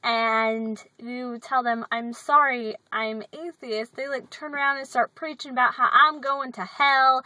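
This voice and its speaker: A high, bright-voiced woman rambles and jokes as she vlogs from her parked car. The sound comes close and dry from her phone. She is sarcastic, chatty and loose with her words. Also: fairly even intonation, a little slow, hardly any pauses, no room sound, low-quality recording. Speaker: vlogger. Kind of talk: casual chat.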